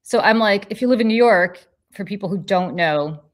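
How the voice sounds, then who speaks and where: A woman hosting a podcast, telling a story in casual chat with lively, profane energy. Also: medium pitch. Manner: animated, profane, quick restarts. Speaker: podcast host.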